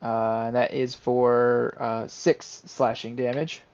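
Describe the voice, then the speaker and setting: Slow-talking man player on a dull mic. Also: medium pitch, little pitch movement, a little mellow. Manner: unhurried, with many "uh"s while declaring rolls. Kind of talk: casual tabletop game play.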